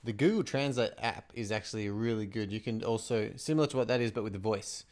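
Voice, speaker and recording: A man's voice: fairly low pitch, fast, darkish tone. A young man in casual chat as a podcast co-host, enthusiastic and rambling with lots of "like".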